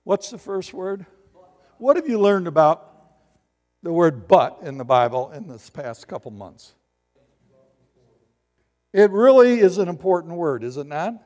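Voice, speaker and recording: Animated high-voiced male preacher. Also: measured pace, pauses often, in a large hall. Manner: animated, acts out voices and asks the congregation questions. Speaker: pastor. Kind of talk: sermon.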